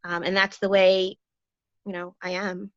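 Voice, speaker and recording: A woman's voice: mid-range voice, little pitch movement, unhurried, dry recording. A middle-aged woman chatting casually as an interview guest, telling a long joke with many fillers and restarts. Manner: jokey storyteller, lots of fillers and restarts. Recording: dull lo-fi call audio.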